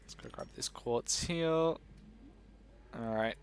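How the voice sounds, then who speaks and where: Slow and medium-pitched, this young gaming video host chats casually through a survival game. He wanders from topic to topic, jokes about himself, and speaks to his audience, with slight background noise present.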